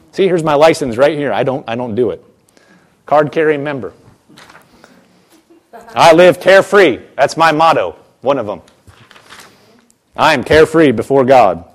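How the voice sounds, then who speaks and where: High-voiced man preaching a sermon. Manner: emphatic, repeats phrases, restarts. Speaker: pastor.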